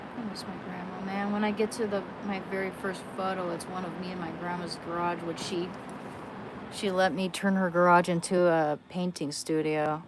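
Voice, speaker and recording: A woman's voice: fairly low pitch, level tone, normal speed. Rambling woman on a noisy livestream. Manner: rambling, self-deprecating, trails off and restarts. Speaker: livestream host. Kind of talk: casual livestream chat. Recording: loud background noise.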